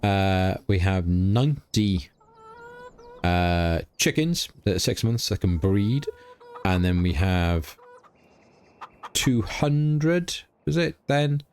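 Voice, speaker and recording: A middle-aged man with a slightly low voice narrates his farming game at an unhurried, easygoing pace. He chats casually and thinks aloud, like a let's play host speaking into a desk mic. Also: lively intonation, a little mellow, clear, resonant tone.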